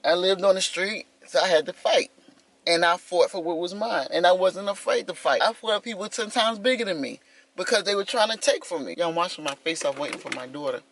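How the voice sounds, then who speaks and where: A vlogger in her fifties with a lowish voice talks briskly and casually to her viewers. She tells a story with lots of animation and calls them "y'all."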